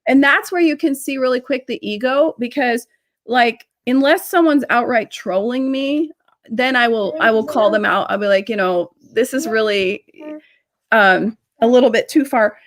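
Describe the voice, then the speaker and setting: A woman coaching on business networking in a casual live-stream chat over a video call, talking in quick asides full of fillers. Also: a little high.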